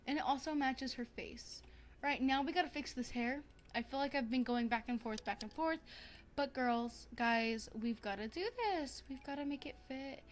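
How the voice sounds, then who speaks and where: A young woman streaming a life-sim game, chatting casually to viewers in a bubbly, excitable way, gasping and repeating herself. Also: high-pitched, moderate pace, a little hiss or hum. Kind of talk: casual gaming stream chat.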